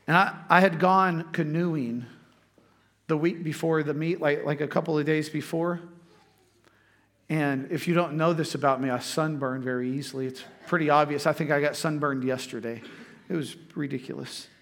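A man's voice: a little high, fairly even intonation, moderate pace, a bit bright. A man preaching, telling a personal story in a conversational way before turning to scripture. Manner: conversational storytelling, frequent restarts. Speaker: pastor.

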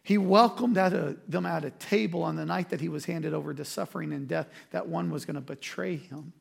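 Guy preaching a sermon, pretty high voice, kinda gravelly, chatty and emphatic. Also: fairly quick. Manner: conversational, emphatic preaching with quoted asides. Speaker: pastor.

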